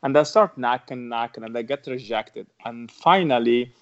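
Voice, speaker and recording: As a podcast guest, a man with an Arabic accent tells his own story in broken English, earnestly repeating phrases for emphasis during the interview. His voice is mid-range at a moderate pace, and the recording sounds dull and lo-fi.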